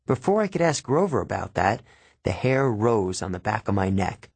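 Husky male audiobook narrator. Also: lowish voice, very animated, moderate pace, a little mellow, dry recording. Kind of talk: first-person fiction narration.

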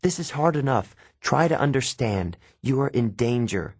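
Anxious mom, tight and begging, husky voice, dry close mic, voiced by a man. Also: medium pitch, lively intonation, darkish tone, dry recording. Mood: pleading. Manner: tight, pleading and hurried. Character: worried mother, tense and protective.

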